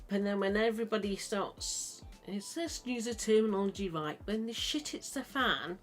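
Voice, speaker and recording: Chatty woman host who rambles, mid-pitched, faint music behind. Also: normal speed, hardly any pauses. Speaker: podcast host. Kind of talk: casual chat.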